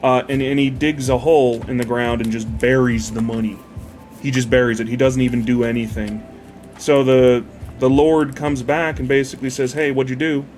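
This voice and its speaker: Rambling, profane man at mid pitch. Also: fairly even intonation, normal speed, darkish tone, faint music behind. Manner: meandering, profane, easily distracted by the build. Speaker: model builder retelling a parable. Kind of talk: casual rambling chat while building.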